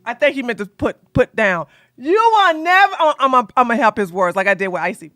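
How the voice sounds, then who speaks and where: A woman doing drama commentary in a loud, animated, sassy way, often laughing and shouting. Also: mid-range voice, fast talker, dry recording, clean studio sound.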